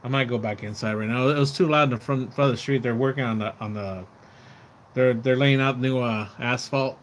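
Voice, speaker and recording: A man's voice: medium pitch, fairly even intonation, brisk, slight background noise. Rambling man streaming outdoors. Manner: rambling, repeats words, swears when riled. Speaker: live streamer. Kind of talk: casual live stream chat. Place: outdoors near his house.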